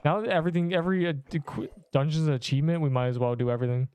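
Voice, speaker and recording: A man's voice: a little high, fairly even intonation, very fast, a little mellow, clean tone. A young man streaming a video game, chatting casually and rambling to his viewers. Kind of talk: casual live-stream commentary.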